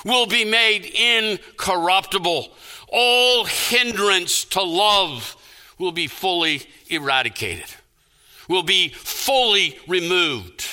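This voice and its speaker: Bright, high-voiced male preacher, slow and impassioned. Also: clear, resonant tone. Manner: impassioned preaching, sweeping rises and drops in pitch. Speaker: pastor. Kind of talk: sermon.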